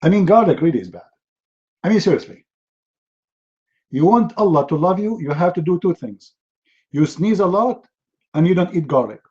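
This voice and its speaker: A man's voice: high-pitched, animated, normal speed, long pauses, a little mellow, lo-fi sound. A man giving a humorous talk, telling stories in a mocking, sarcastic way. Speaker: speaker.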